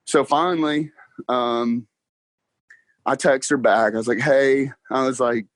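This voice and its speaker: A young man chats about his work, acting out his own dialogue and laughing often. His voice is mid-pitched and lively. It sounds close and dry. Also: measured pace, dry recording. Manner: animated storyteller, acts out dialogue, laughs often. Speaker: podcast guest, car salesman. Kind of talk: casual interview chat.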